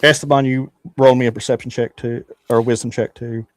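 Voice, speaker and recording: A man's voice: medium pitch, little pitch movement, brisk, no echo. Guy running a tabletop game, casual and rambling, dry close sound. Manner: casual, rambling, with frequent restarts. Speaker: game master.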